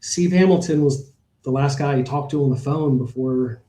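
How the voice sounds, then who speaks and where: A man's voice: medium pitch, normal speed, dark tone, echoey room, a little hiss or hum, rough recording. A middle-aged man, a horse owner, telling stories in a casual interview, rambling with many fillers and restarts.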